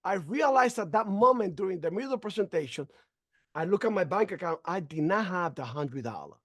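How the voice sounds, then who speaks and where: A man tells his story as a testimony, his voice rising and falling in a lively sweep while he acts out each conversation. He trips over fillers and repeats himself. He sounds emotional and full of faith, recorded close and dry with no room sound. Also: high-pitched, brisk, no room sound. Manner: animated, acting out conversations, stumbling fillers. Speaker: member sharing a testimonial.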